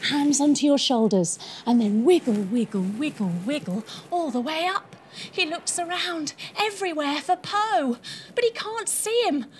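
Lively woman, high and very expressive, leading kids' yoga through a story; faint music behind. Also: unhurried, slight background noise. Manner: lively and encouraging, guiding moves step by step. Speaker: children's yoga instructor. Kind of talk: storytelling yoga lesson for kids.

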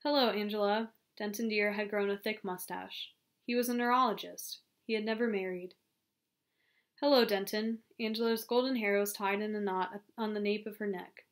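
A woman reading a novel aloud as an audiobook narrator, in a steady storytelling manner. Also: mid-range voice, brisk. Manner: steady storytelling with small self-corrections. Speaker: audiobook reader. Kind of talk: scripted narration.

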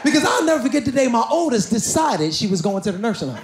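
A middle-aged man doing stand-up comedy, telling loud, animated stories and shouting his punchlines on a theater stage. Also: very high-pitched, fast talker, noisy background. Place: large theater stage with audience. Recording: echoey venue with crowd laughter.

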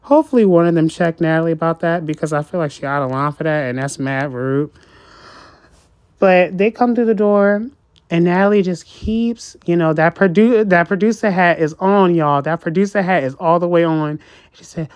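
A woman's voice: lowish voice, a little fast, darkish tone. A woman giving a sassy, casual recap of a reality show, acting out the cast's lines in changing voices and laughing often.

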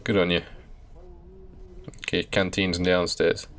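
A man's voice: sits low, little pitch movement, takes it slowly, fairly bright tone, a little hiss or hum. A man casually commenting while playing a horror game, chatty and wry. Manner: chatty, wry, laughing asides. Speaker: let's play host.

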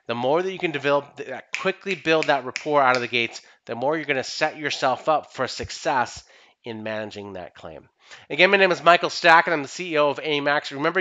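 A man's voice: mid-range voice, pushed and bright, dull audio. A man, a company CEO, giving an instructional talk and repeating key phrases for emphasis. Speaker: company CEO presenting training. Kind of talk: instructional talk on workplace skills.

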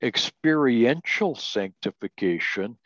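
An older man giving a slow, deliberate Bible doctrine lesson, reading scripture aloud and often restarting with "uh". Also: mid-range voice, expressive, fairly bright tone, dry recording. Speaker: Bible teacher. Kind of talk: recorded doctrine lecture. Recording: dull lo-fi audio.

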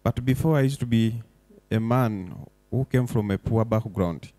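A man's voice: fairly low pitch, moderate pace, no room sound. A young man giving an emotional, impassioned public speech as a foundation director. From Uganda. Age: young adult. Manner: impassioned, rising to forceful declarations. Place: event hall.

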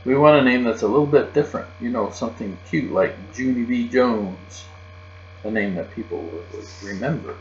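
A man doing a calm, patient mother. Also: medium pitch, moderate pace, natural voice. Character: patient pregnant mother, gently scolding. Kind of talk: children's audiobook reading. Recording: roomy, dull, with mains hum.

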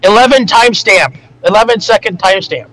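A man hosting a casual reaction video over voice chat, excitable and swearing often with loud outbursts. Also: high-pitched, brisk, a crowd in the background, poor audio.

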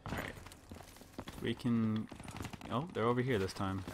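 A gamer rages and swears through his outbursts in frustrated gameplay commentary. His voice is lowish with a steady tone and measured pace, but the clip is very noisy, with loud game gunfire and an announcer over him.

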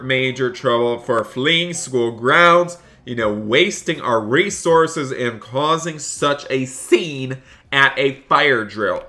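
A man's voice: medium pitch, sharp tone. A man doing in-character game roleplay commentary as a teacher, exasperated and constantly talking to viewers. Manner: exasperated, keeps addressing viewers as "you guys". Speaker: gaming roleplayer.

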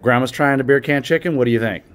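A man's voice: medium pitch, fast. A man from the US hosting a casual cooking vlog at an outdoor grill, exclaiming with enthusiasm over the food. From United States. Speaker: cooking channel host. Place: outdoors at a grill on a windy day. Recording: wind and outdoor noise over the voice.

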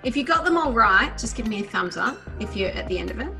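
Bright-voiced woman leading a memory exercise. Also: a little high, expressive, creaky, soft background music. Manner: quick, enthusiastic talker who tries to slow down; chatty, with many fillers. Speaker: memory trainer. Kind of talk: guided visualization lesson. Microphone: video call.

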